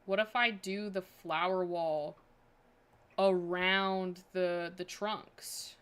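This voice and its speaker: A woman's voice: lowish voice, steady tone, drawn-out words, fairly bright tone, clean tone. A woman streaming a building game, chatting casually and thinking aloud with many fillers. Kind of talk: casual livestream chat.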